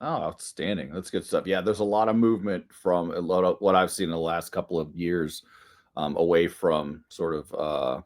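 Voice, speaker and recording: Low-voiced man hosting a podcast. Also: steady tone, moderate pace. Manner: chatty, filler-heavy questions. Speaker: podcast host. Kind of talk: casual podcast interview.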